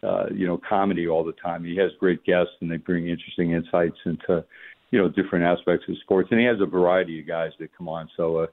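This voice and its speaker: An older man from the New York area is on the line as a guest on sports radio. His voice sits deep and comes through thin and phone-like. He talks in a halting way, restarting sentences and filling the gaps with "uh" and "you know.". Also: level tone. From New York metropolitan area. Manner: halting, many fillers and restarts. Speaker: former NFL coach, radio guest. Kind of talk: casual radio interview.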